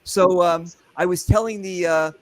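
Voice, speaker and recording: A man's voice: sits high, steady tone, moderate pace. A man hosting a casual live chat, telling long rambling stories with plenty of profanity. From California. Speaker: host.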